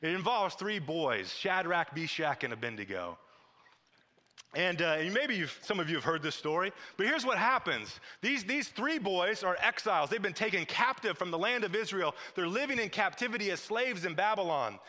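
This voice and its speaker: A man's voice: high voice, lively intonation, normal speed, pushed and bright. A man preaching a sermon as pastor, emphatic and repetitive, recorded in a church auditorium. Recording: long hall reverb.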